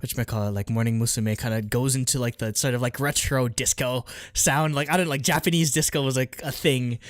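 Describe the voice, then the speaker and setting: A man's voice: mid-range voice, steady tone, a little fast, no echo, studio quality. A man co-hosting a podcast, chatting casually with lots of "like" and laughs. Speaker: podcast co-host. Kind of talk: casual chat.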